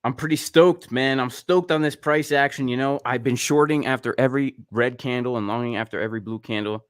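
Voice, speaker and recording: American male guest, casual slangy stream talk, mid-pitched, dry sound. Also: a little fast, no echo. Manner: laid-back slangy, says bro and man. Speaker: guest trader. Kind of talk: casual live-stream chat.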